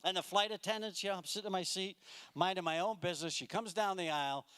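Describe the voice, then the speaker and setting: A man's voice: sits high, fast talker, a bit bright, clear, resonant tone. A man doing a stand-up comedy routine on a stage mic, exasperated and mocking, acting out the people in his jokes. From United States. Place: comedy club stage with a live audience.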